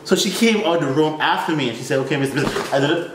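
A man's voice: fast, echoey room, distant mic. Man, frank slangy story, yelps and mutters, faint noise behind. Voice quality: animated, swings between high yelps and low mutters. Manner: frank and slangy, acts out his own reactions. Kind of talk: comedic personal story.

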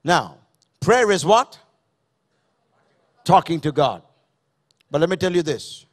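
High-voiced pastor preaching emphatically. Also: male voice, animated, slow, long pauses. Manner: emphatic, repeats key phrases, questions the congregation. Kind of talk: sermon. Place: church service.

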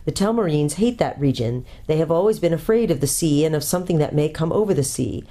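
A woman's voice: low voice, animated, fast, dark tone. A woman voicing an old male tutor, learned and kindly, courtly and precise as he explains, in a storybook reading. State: out of breath from hurrying.

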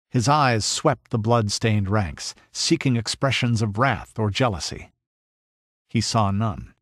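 Male audiobook narrator, deliberate and grave, unhurried, dry close sound. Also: lowish voice, expressive, no echo.

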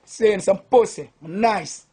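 A man's voice: high voice, slow pace, dark tone, breathy edge. A Jamaican man, a sound system selector, drunk and boasting in a rambling, profane rant to the camera.

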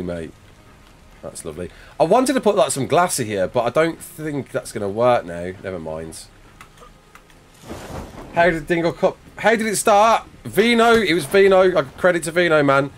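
Lively English guy chatting on a live stream. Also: mid-range voice, slight background noise. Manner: chatty, reads viewer comments aloud and answers them, quick laughs. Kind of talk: casual live-stream chat while gaming. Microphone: desk mic with face cam.

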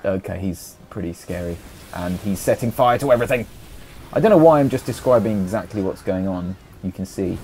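A young man talks over a video game in a low, mellow voice, teasing the friend beside him in a playful, bossy way. He speaks casually and loosely. Faint room noise hangs under the voice. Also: expressive, fairly quick. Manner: joking, bossy banter with a friend. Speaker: let's play commentator. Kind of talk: casual gameplay commentary.

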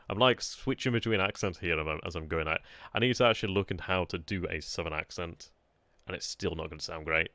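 Low-voiced excitable male gamer. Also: fairly quick, no room sound. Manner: chatty, excitable, often laughing at himself. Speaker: gameplay commentator. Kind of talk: casual let's-play commentary.

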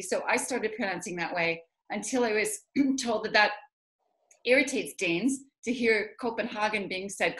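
A woman's voice: medium pitch, fairly bright tone. Canadian woman, author-interviewer, upbeat and chatty on a video call. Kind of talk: casual video call chat.

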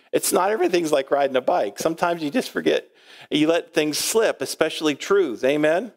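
A man with a fairly high voice preaches a sermon from a church stage. He swings from quick, animated stretches into slow, emphatic lines, acting out the voices of the people in his stories and breaking into a chuckle now and then. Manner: lively preaching, acts out quoted speech, chuckles often. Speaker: pastor. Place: church sanctuary.

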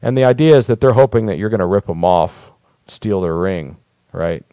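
A man's voice: sits low, expressive, normal speed, warm tone, no room sound. A man hosting a live talk show, telling rambling stories in a blunt, profane, casual way. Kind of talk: casual live-stream monologue.

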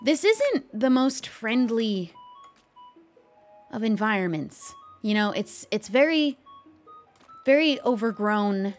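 A woman with a fairly high, slightly bright voice narrates in character as a humble young witch for her roleplay series. She's bubbly and self-deprecating as she chats.

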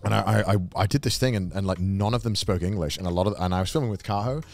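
A young man co-hosting a podcast, telling stories in casual, animated chat with swearing and laughs. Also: lowish voice, fast, creaky, soft background music. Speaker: podcast co-host.

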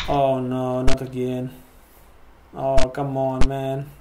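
A man's voice: mid-range voice, monotone, slow, reverberant, noisy background. A man in a comic vampire persona, commenting in broken English while playing a horror game and talking to what he sees. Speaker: let's play gamer in a vampire persona.

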